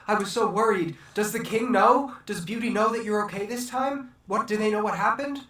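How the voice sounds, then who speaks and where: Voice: mid-range voice, a little fast, fairly bright tone, voice pushed up, lightly acted. A player voicing a devoted young sheep-genie in a tabletop game, talking eagerly and chattily. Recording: echoey room, far from the mic.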